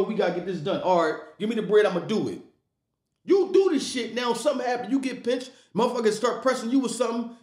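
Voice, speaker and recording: A man's voice: very high-pitched, darkish tone, roomy sound. A man co-hosting a casual podcast discussion, talking emphatically and checking in with "right?" and "come on, man.". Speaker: podcast co-host.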